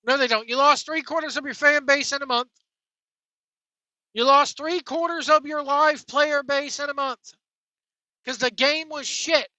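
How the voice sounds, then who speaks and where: Angry wrestling vlog rant, cussing a lot, sharp bright voice, dead dry sound. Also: sits high, steady tone, a little slow, pauses often, no echo, highs cut off. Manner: angry, profane and sarcastic. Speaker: wrestling commentary vlogger. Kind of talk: ranting commentary to camera.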